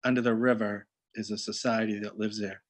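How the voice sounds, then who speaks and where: A man's voice: on the low side, flat delivery, fairly quick. A man hosting a casual chat, jumping in enthusiastically with exclamations. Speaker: host.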